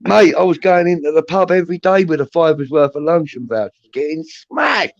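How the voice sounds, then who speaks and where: A man's voice: on the high side, lively intonation, brisk. A man in his fifties from southeast England, telling rambling anecdotes in casual chat. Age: 50s. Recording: dry muffled lo-fi audio.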